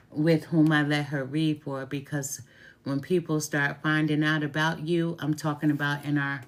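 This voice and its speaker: A middle-aged woman, a tarot reader and root worker, talking casually to camera, chatty and heartfelt, repeating her phrases for emphasis. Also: sits low. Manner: heartfelt, openly grateful.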